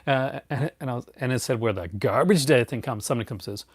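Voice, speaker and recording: A man's voice: mid-range voice, fast, slightly rough, no echo. A middle-aged man hosting a casual live chat, rambling with many fillers and restarts and chuckling often. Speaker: host.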